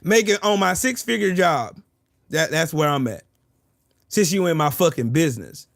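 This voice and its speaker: A man's voice: fairly high pitch, lively intonation, normal speed, vocal fry, a bit bright, dry recording, clean studio sound. A man livestreaming, taunting and mocking someone, repeating his jabs and laughing hard. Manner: repeats phrases over and over. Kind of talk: live stream trash talk.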